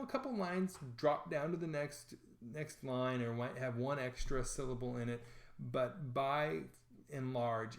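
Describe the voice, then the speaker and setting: A man talks through a literature lesson in a relaxed, conversational way, filling his sentences with small fillers and poking fun at himself. His mid-pitched voice bounces around a noticeably echoey room. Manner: conversational, self-deprecating, with frequent fillers. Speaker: teacher explaining literature. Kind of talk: casual educational explainer.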